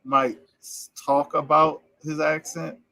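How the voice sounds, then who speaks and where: A man from Louisiana hosting a podcast in a relaxed, casual chat, often repeating himself and laughing. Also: a little high, slow pace, dry recording. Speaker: podcast host.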